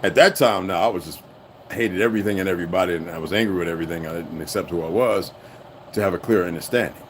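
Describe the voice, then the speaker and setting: A man's voice: low voice, fast talker, a little hiss or hum. A man hosting a livestream, ranting bluntly and with heavy profanity to his viewers. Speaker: livestream host. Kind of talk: unscripted livestream rant.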